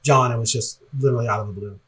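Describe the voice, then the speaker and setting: A man chatting on a sports podcast, rambling and reflective, often breaking into a laugh. His voice sits at an ordinary middle pitch for a man. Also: rapid-fire, fairly bright tone, husky. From Portland, Oregon area. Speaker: podcast co-host. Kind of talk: casual podcast chat.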